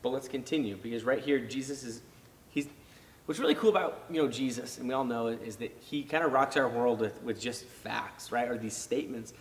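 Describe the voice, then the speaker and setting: A man preaching a casual youth sermon, his voice sitting at a middle pitch. He speaks conversationally, full of fillers and restarts, and gets animated when acting out how people react. A long reverb trails behind him, as in a big hall. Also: brisk, recorded from a distance. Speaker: youth pastor.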